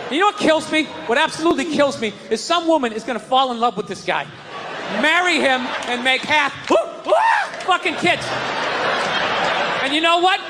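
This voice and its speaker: A man doing stand-up comedy, ranting loudly and exasperated, often shouting and swearing. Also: extremely high pitch, animated, moderate pace. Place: live comedy club stage. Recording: live club set with loud crowd laughter and noise.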